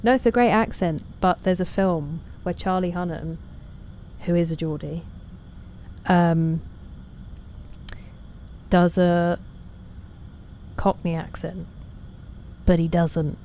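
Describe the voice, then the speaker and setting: A woman chats through a game stream, talking to her viewers and teasing herself. Her voice sits low and mellow, with a faint hiss underneath. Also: steady tone, slow pace, long pauses. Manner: chatty, self-deprecating, reads out chat messages. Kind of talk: casual gaming stream chat.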